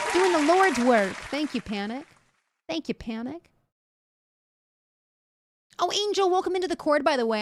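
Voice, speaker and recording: A young woman streaming, chatting casually and jokily while reacting to news clips and talking to her chat. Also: fairly high pitch. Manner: chatty, jokey, laughs often, talks to chat.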